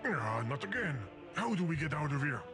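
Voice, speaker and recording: An anxious, exasperated talking game with a foreign accent, pleading excitably with the player. His high voice leaps up and down constantly over game music. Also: fairly quick. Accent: foreign-accented English.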